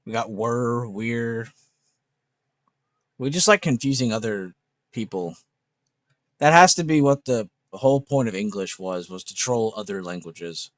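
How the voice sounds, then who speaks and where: A man's voice: on the low side, expressive, normal speed, no room sound. A man hosting a casual livestream, chatting loosely with viewers and joking around, swearing now and then. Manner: loose, joking, swears casually, laughs at his own jokes. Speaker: livestream host. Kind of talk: casual livestream chat reading viewer comments.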